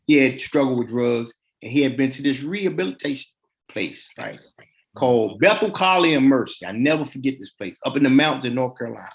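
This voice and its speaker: A middle-aged man with a creaky, medium-pitched voice talks briskly as a podcast guest. In casual street talk, he walks through his life story and voices the people involved.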